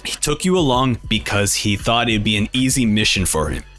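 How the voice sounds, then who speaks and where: A man voicing a blunt, gruff adult father who lectures his son in a flat, offhand way. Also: on the low side, brisk, faint music behind, voice pushed down. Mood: stern.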